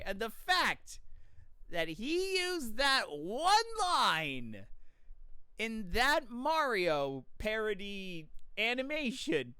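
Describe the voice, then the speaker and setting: A streamer telling a story in casual live-stream chat, animated and enthusiastic. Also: mid-range voice, smooth, dry recording.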